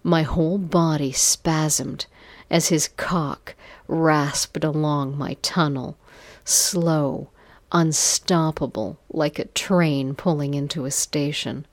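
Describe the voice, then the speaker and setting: Low, slow woman reading an intimate story. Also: steady tone, no echo. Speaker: narrator. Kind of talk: scripted erotic story narration.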